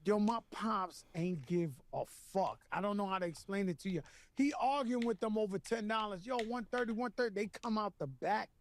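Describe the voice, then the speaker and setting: A man in his fifties on a podcast, telling animated, profane stories about growing up in casual chat. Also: sits high, brisk, few pauses. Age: 50s. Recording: faint background noise.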